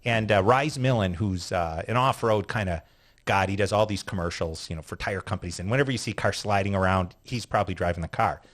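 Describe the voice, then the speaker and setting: A man's voice: on the low side, a little fast. A man, a retired sports car driver, telling a story as a guest in a casual interview, swearing freely and acting out what people said. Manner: profane, animated storyteller acting out quotes.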